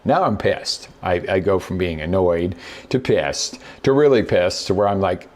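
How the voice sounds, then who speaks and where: A middle-aged man with a low-pitched, slightly mellow voice speaks at a measured pace but with plenty of animation. He hosts a show as a business coach, giving a casual motivational talk built on stories. He's a conversational storyteller who acts out the quotes.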